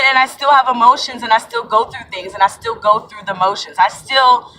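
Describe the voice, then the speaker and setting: A woman's voice: a little high, steady tone, a little fast, few pauses, sharp tone, distant mic, poor audio. A young adult woman giving an earnest, rambling spiritual talk to her viewers, calling them y'all and sis. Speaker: spiritual vlogger. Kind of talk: casual spiritual talk to camera.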